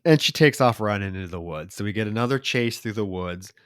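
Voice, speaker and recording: A man's voice: lowish voice, fairly quick, smooth, dry recording, studio quality. A man hosting a podcast, retelling a horror film scene by scene in a loose, profane way. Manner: lively, profane retelling with mock voices. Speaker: podcast host. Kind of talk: casual movie recap chat.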